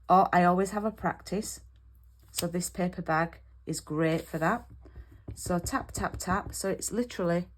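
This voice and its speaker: A British woman demonstrating card making in an online class, chatty and step by step, checking in with "okay?" as she goes. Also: lowish voice.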